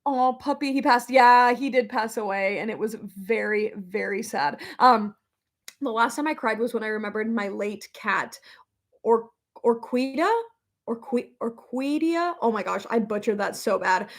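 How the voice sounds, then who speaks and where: A young adult woman chatting casually as a vlogger, reading comments aloud, emotional and quick to laugh, with many fillers. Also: medium pitch, fairly even intonation. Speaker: vlogger reading live chat. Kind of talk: casual chat.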